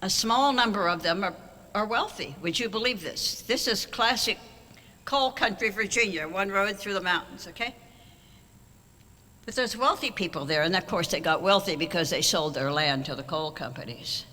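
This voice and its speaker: With a sharp tone, medium pitch, and normal speed, an older speaker accepts an award at a banquet. The speech is wry and anecdotal, given at a podium microphone in a large auditorium with long hall reverb.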